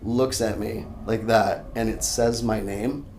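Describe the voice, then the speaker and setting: A young adult man, a podcast guest, telling a story in casual chat, animated and swearing freely, acting out his own shouts. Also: fairly low pitch, slow. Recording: echoey room, faint background noise.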